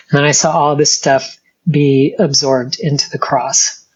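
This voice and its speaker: A middle-aged woman tells her testimony with a husky, breathy edge to her voice. She speaks earnestly and haltingly and restarts her sentences often. The recording sounds dull and muffled. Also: sits low, level tone, a little mellow. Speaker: guest. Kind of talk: personal testimony in an interview.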